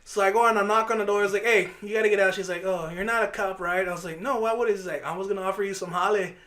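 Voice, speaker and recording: A man co-hosting a podcast, telling a profane, animated story and acting out the voices of the people in it. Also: high voice, racing. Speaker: podcast co-host. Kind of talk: casual storytelling chat.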